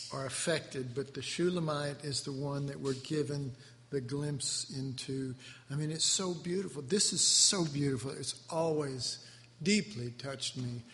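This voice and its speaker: A man giving devotional Bible teaching in a tender, halting, emotionally moved way. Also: mid-range voice, a bit bright. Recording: echoey hall with faint background noise.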